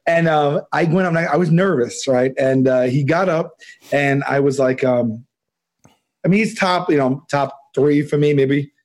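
Excitable man telling a long story. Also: on the high side, moderate pace. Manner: rambling, animated, many restarts and laughs. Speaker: podcast guest. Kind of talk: casual storytelling.

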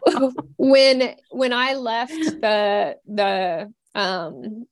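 A young woman, a cyclist, talking as a guest in a casual podcast chat, halting with many fillers and restarts. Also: a little high, no echo.

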